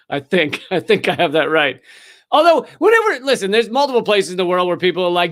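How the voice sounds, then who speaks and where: Male stream host, high clear voice, sarcastic and profane rant delivery. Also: expressive, fairly quick, a bit bright. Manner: sarcastic and profane, with frequent fillers. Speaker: livestream host. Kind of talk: ranting commentary.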